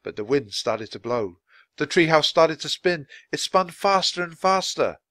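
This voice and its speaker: A man with a fairly high voice reads a children's story aloud in a clear, steady way, with plenty of rise and fall in pitch. The recording is close and dry, with no room around the voice. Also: measured pace, no room sound. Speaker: narrator. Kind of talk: scripted storybook narration.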